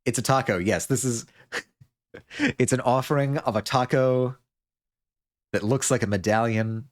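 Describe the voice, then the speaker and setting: A man's voice: medium pitch, measured pace. A man streaming a video game live, chatting casually, joking, laughing, and reading viewer messages aloud.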